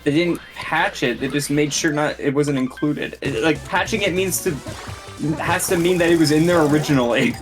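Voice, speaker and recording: A man's voice: a little high, normal speed. A man streaming and chatting casually with friends, rambling and laughing between thoughts. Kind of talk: casual voice-chat banter. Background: game music.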